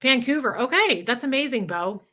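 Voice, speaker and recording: A woman's voice: a little high, lively intonation, normal speed, bright, forceful tone. A young woman hosting a casual livestream, chatting with viewers and reading out their names and comments. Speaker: livestream host.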